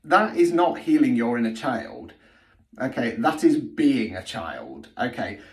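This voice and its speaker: A man's voice: medium pitch, sing-song, a little slow. Guy ranting bluntly, swears a lot, keeps saying okay, sounds a bit far from the mic in a roomy space. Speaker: spiritual healing vlogger. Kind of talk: blunt direct-to-camera monologue.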